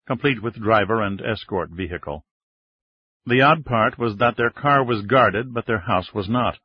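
A man narrating an audiobook in a measured, even reading, recorded close in a studio. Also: fairly low pitch, husky, dry recording. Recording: dull, dry studio reading.

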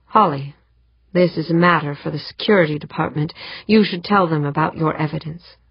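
A woman's voice: sits low, husky, no room sound. A woman doing a cranky, cautious official man. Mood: measured. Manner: cranky and measured. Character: tired, cautious male official. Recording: dull muffled audiobook recording.

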